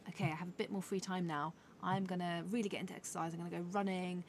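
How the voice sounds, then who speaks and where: Lively woman in casual chat. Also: lowish voice, rapid-fire, a little hiss or hum. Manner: animated, acts out her own thoughts in quoted asides. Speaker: podcast co-host, forest school leader.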